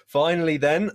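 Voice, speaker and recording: A man hosting an interview, reading out viewer questions in a relaxed, agreeable way. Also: on the high side. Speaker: host, interviewer.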